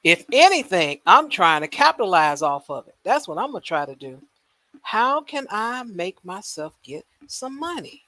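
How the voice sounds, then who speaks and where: A woman hosting a casual livestream, rambling and animated, firing off rhetorical questions and laughing at her own jokes. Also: medium pitch, moderate pace, dry recording. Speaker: livestream host. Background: faint music.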